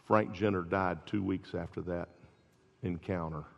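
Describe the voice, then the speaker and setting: A man preaching a sermon as pastor, telling stories with rising intensity and quiet drops. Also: deep voice, unhurried, vocal fry. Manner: animated storytelling, builds to loud peaks then drops soft. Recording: dull lo-fi recording in a large reverberant hall.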